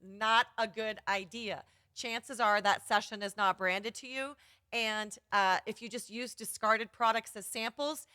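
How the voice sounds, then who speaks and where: A woman's voice: a little high, sharp tone, dry recording, studio quality. A woman photography business coach giving an upbeat, chatty live-streamed workshop.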